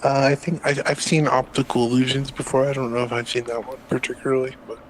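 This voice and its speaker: A man's voice: medium pitch, level tone, fast talker, slight background noise, poor audio. A man calling in to a casual debate, talking hesitantly with many fillers and restarts.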